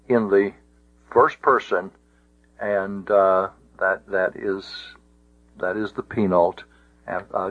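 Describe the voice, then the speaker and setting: A man teaching a Greek grammar lesson in a slow, deliberate way, pausing with many fillers. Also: lowish voice, dry recording. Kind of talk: recorded lesson. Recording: tinny phone-like audio.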